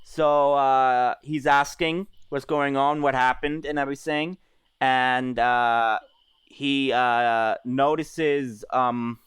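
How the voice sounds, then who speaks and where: A man's voice: medium pitch, fairly even intonation, takes it slowly, a bit bright, clean tone, no room sound. Hesitant male game master, dry close sound. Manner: hesitant, full of fillers and restarts. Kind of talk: narrating a tabletop game.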